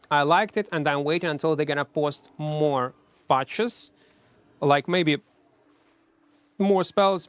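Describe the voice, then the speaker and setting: A man streaming a game, chatting casually and mocking himself, answering chat and humming between plays, in non-native English. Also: fairly high pitch. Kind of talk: casual live-stream chat while playing.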